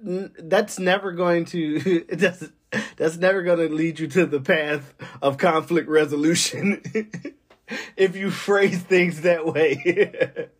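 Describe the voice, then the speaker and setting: A man with a fairly high speaking voice hosts his own podcast, talking casually and wandering from thought to thought. He laughs often as he goes and turns loud and emphatic when he drives a point home. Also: a little slow. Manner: chatty and rambling, laughing often between phrases. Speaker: podcast host. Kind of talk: casual solo podcast talk.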